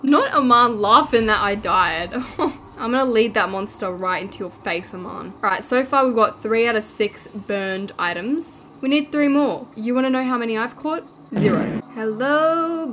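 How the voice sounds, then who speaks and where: Excitable Australian woman gaming. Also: on the high side, background noise. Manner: excitable, shrieks and jokes at the game. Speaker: gaming YouTuber. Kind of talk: let's play commentary. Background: game music.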